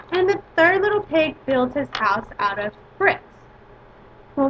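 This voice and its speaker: High-voiced woman teacher giving a lesson. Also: a bit bright. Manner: measured, step-by-step instruction. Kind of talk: lesson to a class. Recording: dull lo-fi recording with faint hiss.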